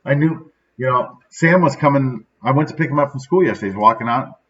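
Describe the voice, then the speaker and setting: A man's voice: medium pitch, brisk, fairly bright tone, recorded from a distance. A middle-aged man hosts his daily motivational talk in a sad, subdued mood. He speaks casually and reflectively, often checking in with "right?". The recording is slightly dull and picked up from a little way off the mic. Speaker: podcast host.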